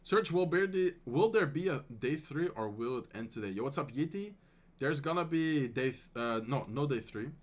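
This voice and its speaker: A Dutch man streaming live, calling an esports match in English with a Dutch accent, then answering chat in a relaxed, friendly way. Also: medium pitch. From Netherlands. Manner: excited fast play-by-play calls that give way to relaxed, soft chat replies. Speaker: streamer and tournament caster.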